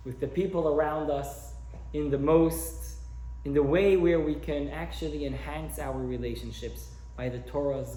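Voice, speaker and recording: A man teaching a class as a rabbi, lecturing and telling stories as he acts out the characters. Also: fairly high pitch. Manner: warm storyteller who acts out his characters. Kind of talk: lecture with storytelling. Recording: roomy echo.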